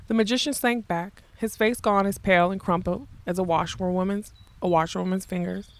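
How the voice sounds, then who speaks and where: A woman reading a fantasy storybook aloud in a measured, expressive narration style. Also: medium pitch, dry recording. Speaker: audiobook narrator.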